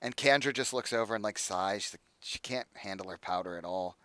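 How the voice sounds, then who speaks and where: A man's voice: lowish voice, fairly quick, a bit bright, no room sound. A man narrating as game master in a tabletop game, talking in a casual, rambling way full of fillers.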